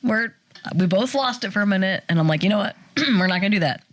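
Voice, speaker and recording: A woman in her forties, a podcast co-host telling a personal story in casual chat, animated and acting out the quotes. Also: mid-range voice, no echo. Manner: animated storyteller, acts out quotes, fast bursts.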